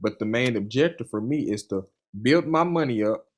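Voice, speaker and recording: A man's voice: medium pitch, expressive, moderate pace. A young man, a funded trader, talking casually and earnestly in an interview, with a loose storytelling manner full of "you know" and "man". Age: young adult. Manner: earnest and enthusiastic.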